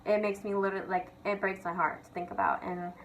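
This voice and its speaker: A woman's voice: medium pitch, flat delivery, fast, creaky, a little hiss or hum, poor audio. A young woman vlogger rants casually and confessionally, chatty and sweary, leaning on "like" and "literally". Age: young adult.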